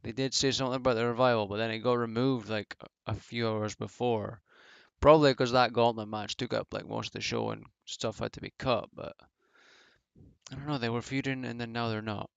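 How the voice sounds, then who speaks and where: A man's voice: mid-range voice, fairly even intonation, brisk, gravelly, clean tone, no echo. A man giving casual solo commentary as a wrestling reviewer, rambling and offhand with many fillers. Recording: dull lo-fi home mic.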